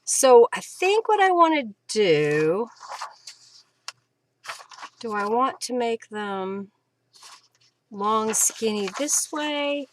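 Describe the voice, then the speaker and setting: A woman's voice: on the high side, big pitch swings, extremely slow, pauses often, background noise. A woman hosting a live crafting demonstration at home, chatting and thinking aloud with fillers as she works. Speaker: craft host.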